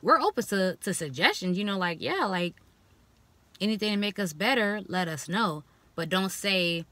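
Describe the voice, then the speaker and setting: Young woman, casual vlog chat, bright clear voice, blunt and frank, animated, mimics people in mocking tones. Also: fairly low pitch, moderate pace, dry recording. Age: young adult. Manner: animated, expressive, quoting others in mocking voices. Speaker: vlogger. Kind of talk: casual talking-to-camera vlog.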